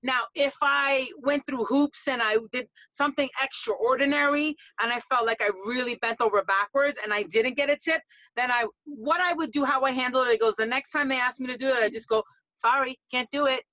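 A woman with a New York accent, a dog groomer chatting casually on a podcast, lively and quick to laugh. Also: sits high, dry recording, lo-fi sound. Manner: lively, laughs often, drops into playful voices.

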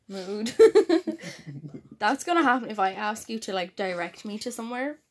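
A woman's voice: mid-range voice, slow. A young woman, co-hosting a casual chat and telling stories with frequent laughter. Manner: laughs often, animated storytelling. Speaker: podcast co-host.

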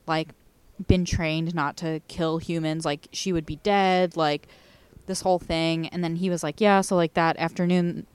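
A woman's voice: low-pitched, level tone, measured pace, a little mellow, smooth, no echo. A young woman hosting a podcast, chatting casually in a giggly, rambling way. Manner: giggly, rambling, self-mocking. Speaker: podcast host. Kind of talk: casual chat.

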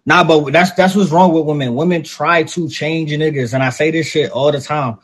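A man talking casually as a podcast co-host, animated and profane, acting out little quotes as he argues his point. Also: on the high side, moderate pace, slightly rough. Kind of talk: casual chat.

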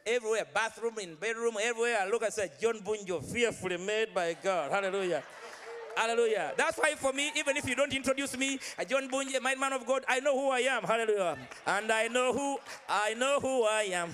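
A man's voice: very high voice, expressive, normal speed, a bit bright. A man preaching a live sermon, exhorting the congregation, repeating phrases and leading them in call-and-response chants. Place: large church hall. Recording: long reverb of a large hall.

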